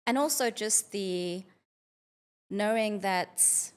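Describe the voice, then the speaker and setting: A woman's voice: medium pitch, takes it slowly, clear, resonant tone. A woman physician appearing as a podcast guest, speaking reflectively in casual conversation. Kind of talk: casual interview chat.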